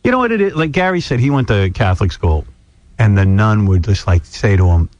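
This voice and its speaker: Radio host, man, lively bantering delivery, dry studio mic. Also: on the low side, no room sound, muffled recording. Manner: quick banter with filler "like". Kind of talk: casual radio talk.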